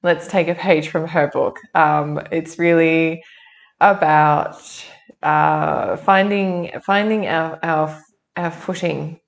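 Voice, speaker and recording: A woman's voice: low-pitched, steady tone, takes it slowly, vocal fry, lo-fi sound. A woman giving a casual monthly tarot reading, chatty and thinking aloud with many restarts. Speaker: tarot reader.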